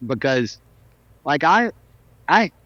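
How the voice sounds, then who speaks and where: A man in his fifties from South Carolina, a musician guest telling lively, self-deprecating stories in a casual interview. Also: fairly high pitch, slow, no room sound. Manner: animated anecdotes with self-deprecating humor. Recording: dull, slightly lo-fi sound.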